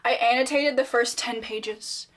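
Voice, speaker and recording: A woman's voice: fairly high pitch, fairly even intonation, a little slow, fairly bright tone. A young woman talking casually on her book vlog, chatty and rambling, with a lot of "like" and "um" and self-deprecating asides. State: out of breath. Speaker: book vlogger.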